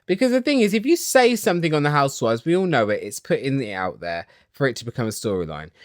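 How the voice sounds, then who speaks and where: Excitable man ranting. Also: medium pitch, fast, no echo, clean studio sound. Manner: excitable, swearing, dramatic. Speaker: reality TV recap vlogger. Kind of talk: ranting casual recap. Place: small home studio.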